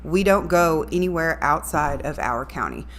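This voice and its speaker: A woman's voice: low-pitched, animated, normal speed, a bit bright. A woman, a radio voice talent chatting upbeat as a guest in an interview. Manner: upbeat, chatty, talks to viewers directly. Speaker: radio voice talent and morning show co-host, guest. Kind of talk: casual interview chat.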